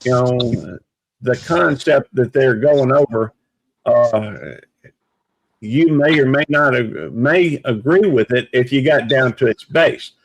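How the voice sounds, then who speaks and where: A man talking in a casual live chat, measured and reflective, with many pauses and restarts. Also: mid-range voice, dry recording, poor audio.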